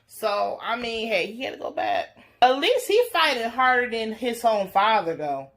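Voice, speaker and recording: Woman cussing her way through a tv recap, blunt and lively. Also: fairly high pitch, normal speed. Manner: profane, blunt, animated storytelling. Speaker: TV reaction reviewer. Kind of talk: casual recap and commentary.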